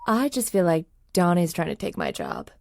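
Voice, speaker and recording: Low-voiced woman in comedic banter. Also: big pitch swings, normal speed, creaky, darkish tone, no room sound. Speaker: podcast co-host.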